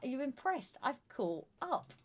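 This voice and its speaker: A woman with a Southern English accent co-hosting a casual live stream, greeting viewers by name and calling them darling. Her voice is going hoarse. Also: high-pitched, sing-song, unhurried. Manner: chatty, calls viewers darling and sweetheart. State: losing her voice. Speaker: live stream co-host reading chat.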